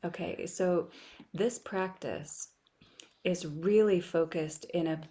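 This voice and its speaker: A woman leading an online spiritual practice, speaking softly and often dropping to a whisper, with playful asides. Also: on the low side, slow pace, a little hiss or hum. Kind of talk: gentle spiritual teaching.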